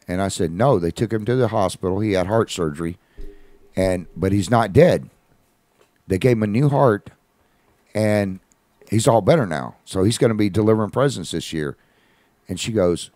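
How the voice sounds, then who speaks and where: A man's voice: low voice, darkish tone, no room sound. A man hosting a live radio show, telling a story in a folksy, conversational way and acting out the quoted voices. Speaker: radio host. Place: studio.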